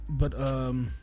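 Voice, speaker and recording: A man's voice: medium pitch, warm tone. A man co-hosting a casual podcast, chatty and laughing often as he tells stories. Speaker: podcast co-host. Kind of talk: casual chat.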